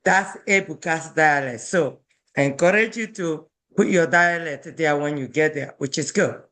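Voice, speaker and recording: A woman's voice: low-pitched, moderate pace, a bit bright. A woman teaching a language class, patiently correcting students' pronunciation and modeling words with emphasis.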